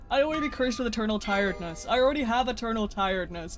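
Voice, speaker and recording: A man's voice: very high voice, brisk, fairly bright tone, faint music behind. A man streaming a video game, chatting casually with viewers in a playful, joking way with mock-dramatic outbursts. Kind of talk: casual live-stream chat while gaming.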